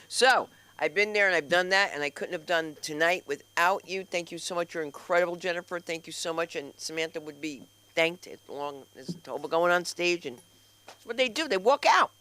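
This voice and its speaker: A woman's voice: fairly low pitch, moderate pace, bright, forceful tone, poor audio. A woman hosting a comedy open mic, rambling through loose, crude banter on stage. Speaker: comedy school host. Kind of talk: stand-up host banter.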